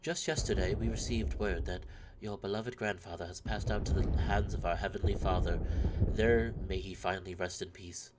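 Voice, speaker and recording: A man's voice: low-pitched, steady tone, moderate pace, very noisy, pitched below the performer's own voice, lightly acted. A man reading a solemn family letter. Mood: grave. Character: grave family member writing a sad letter. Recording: game music underneath. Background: game music.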